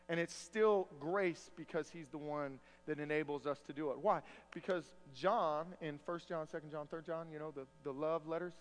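A man's voice: fairly high pitch, long reverb tail. A man preaching a sermon as pastor, a folksy storyteller who jokes with his church.

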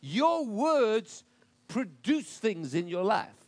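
A man preaching a sermon with emphatic declarations, slipping into a lower, quieter voice when he acts out people's complaints. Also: very animated, drawn-out words. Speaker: pastor.

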